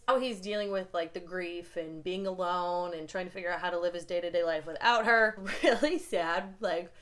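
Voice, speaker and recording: A young woman from the United States reviewing books in a casual vlog, chatty and gushing, with lots of "like" fillers. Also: mid-range voice. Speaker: book reviewer. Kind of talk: casual book recommendation vlog.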